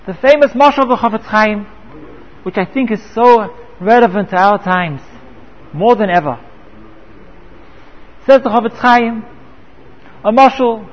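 Man, Torah lecture, storytelling preacher, dull lo-fi recording, echoey hall. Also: very high-pitched. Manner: rhetorical questions, storytelling. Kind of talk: sermon-style Torah lecture with a parable.

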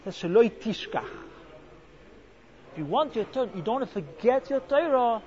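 A man giving an animated Torah talk full of Hebrew and Yiddish terms, telling a story and acting out its quotes. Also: very high-pitched, moderate pace. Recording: dull lo-fi sound.

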